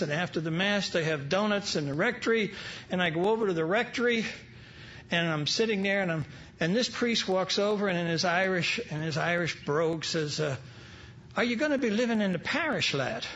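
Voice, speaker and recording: This dull lo-fi live recording catches an older New Yorker telling stories at a recovery meeting in a large event hall, adding humorous, wry asides for the audience. His high-pitched voice moves at normal speed with a fairly bright tone, and there's slight background noise.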